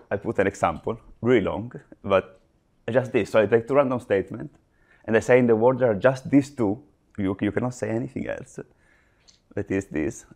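Man, lecturer, fairly low voice, halting delivery, restarts phrases, step-by-step explaining. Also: darkish tone. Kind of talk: live lecture.

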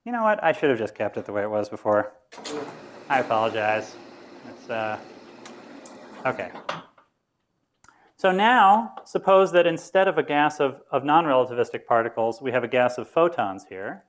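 A man's voice: mid-range voice, moderate pace, pauses often, slight background noise. A man lecturing on physics to students in a lecture room, informal and explanatory, thinking aloud as he goes. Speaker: university lecturer.

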